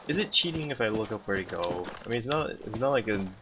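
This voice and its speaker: A man's voice: lowish voice, expressive, fast, background noise. A young man streaming a game, chatting with his viewers in a sarcastic, talkative way. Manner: sarcastic, chatty, talks to chat. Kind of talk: casual gameplay commentary.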